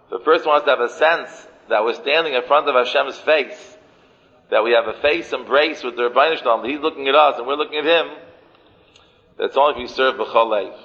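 A man's voice: mid-range voice, fairly quick, pushed and bright. A man giving a sermon as a rabbi. He repeats phrases for emphasis and mixes in Yiddish and Hebrew terms. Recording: muffled, with long hall reverb.

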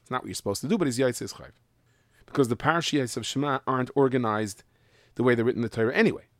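A man's voice: mid-range voice, quick pace, no room sound, clean studio sound. A man teaching a Mishnah class, explaining the text and sounding out words carefully. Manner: explains in English mixed with Hebrew and Yiddish terms, stressing pronunciation. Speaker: Torah teacher.

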